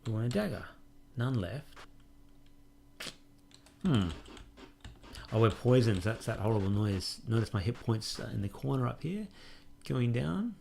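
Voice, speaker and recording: A man's voice: mid-range voice, expressive, unhurried, creaky, pauses often, dark tone, a little hiss or hum. A man hosting a let's play, casually commenting on a game and reading its prompts aloud with wry musing.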